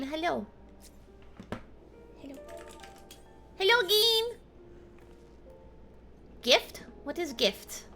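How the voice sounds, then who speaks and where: Bubbly girl streamer, squeaky and swoopy, swears when shocked, game music behind. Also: pushed and bright. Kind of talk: casual live-stream chatter while playing.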